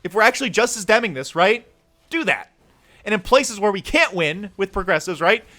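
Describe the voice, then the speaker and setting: A young man delivers a fired-up political rant as a streamer, cursing freely and pushing his point hard. His voice sits high for a man and comes across bright and forceful. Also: lively intonation, a little fast. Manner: heated, swearing, pleading.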